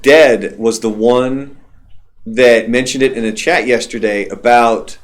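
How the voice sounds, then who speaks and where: Blunt, profane man with a hoarse throat. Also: medium pitch, steady tone, takes it slowly. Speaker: radio show host. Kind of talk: casual after-show chat.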